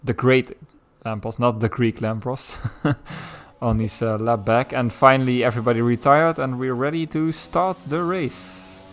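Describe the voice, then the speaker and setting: A man's voice: medium pitch, fairly even intonation, normal speed. A man co-commentating an online racing stream, cracking jokes, laughing and reading out chat. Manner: joking, laughing, reads chat aloud. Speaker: race commentator. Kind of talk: casual sim racing commentary.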